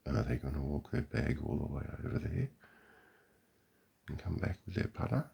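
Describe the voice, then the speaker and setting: A man's voice: a bass voice, animated, moderate pace, vocal fry, dark tone, husky. An Australian man giving a sarcastic, profane running commentary outdoors beside a golf green. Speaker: vlogger.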